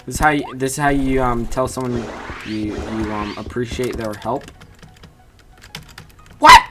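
A woman giving excitable gameplay commentary, chattering at the game and breaking into sudden yelps. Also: extremely low pitch, measured pace, music in the background. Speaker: gaming channel host. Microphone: USB desk microphone.

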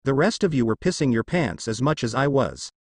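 A man's voice: mid-range voice, very animated, fairly quick, slightly rough, no echo, clean studio sound. A man reading as a stuttering, foul-mouthed young kunoichi. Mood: scared.

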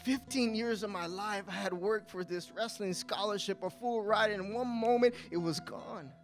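A young man recounts his story as a live testimony in a coffee house, soft music underneath. He keeps a moderate pace, and his emotional voice climbs during tense parts and falls low in the sorrowful ones.

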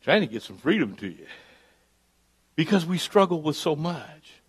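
A pastor preaching a live church sermon, dropping to hushed asides and climbing to loud, emphatic peaks. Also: male voice, fairly high pitch, big pitch swings, normal speed, breathy edge. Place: church service.

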